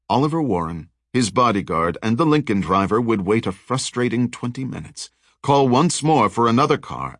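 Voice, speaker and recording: A man's voice: on the low side, fairly bright tone, dry recording. A man reading an audiobook in a wry, dry storytelling manner. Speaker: audiobook narrator. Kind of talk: scripted narration.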